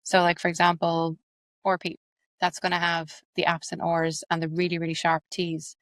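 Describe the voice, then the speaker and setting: A woman with an Irish accent, an accent coach and actress, explaining her methods quickly and animatedly in an interview. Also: lowish voice, no room sound. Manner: fast, animated, explains with examples.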